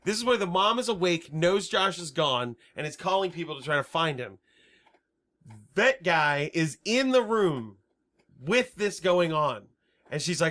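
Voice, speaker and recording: Podcast co-host, male, high bright voice, animated comedic recapper who acts out quotes. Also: normal speed. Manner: animated storyteller, swearing, acts out characters' lines. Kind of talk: casual comedic movie recap.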